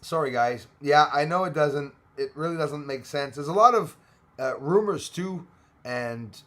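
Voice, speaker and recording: A man's voice: a little high, measured pace, fairly bright tone. A middle-aged man, hosting a casual live stream, reading out viewer comments with lots of fillers and the odd cough. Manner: chatty, reads out viewer comments, frequent fillers. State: coughing now and then. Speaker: livestream host.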